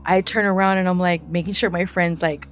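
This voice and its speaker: A young woman, a podcast guest, telling a personal scary story in a casual, animated way, often laughing and acting out what people said. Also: on the low side, fairly quick, faint music behind.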